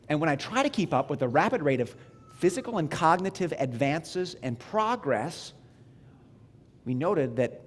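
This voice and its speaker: A male pastor delivering a sermon in a relaxed, conversational tone, often restarting phrases and dropping into asides. His voice sits in an ordinary middle pitch. A faint low rumble runs underneath the recording. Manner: conversational, self-deprecating preaching with restarts. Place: church sanctuary.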